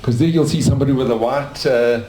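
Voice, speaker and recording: A man's voice: medium pitch, fast. Older South African man telling stories. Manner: rambling, warm anecdotal storytelling with restarts. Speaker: dentist telling his life story. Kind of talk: casual storytelling to a small audience. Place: cafe. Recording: echoey cafe room.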